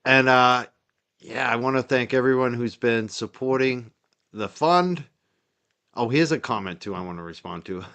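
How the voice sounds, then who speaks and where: Male livestream host, North Shore Massachusetts accent, mid-pitched, loose and rambling delivery. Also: moderate pace, a bit bright, clear, resonant tone. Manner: chatty and rambling, with frequent "uh" fillers. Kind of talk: casual livestream chat.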